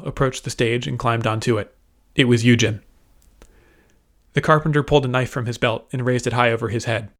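A man narrating a serialized story, reading the script in a steady, measured manner. His voice sits at an ordinary middle pitch for a man.

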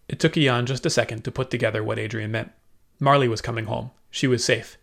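Man narrating an audiobook, mid-pitched. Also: fairly quick, creaky. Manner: steady storytelling.

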